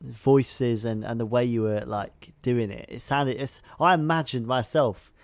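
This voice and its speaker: A man's voice: mid-range voice, unhurried, no echo. A man hosting a podcast, chatting casually and full of eager praise for his guest. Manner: enthusiastic, repeats praise. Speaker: podcast host.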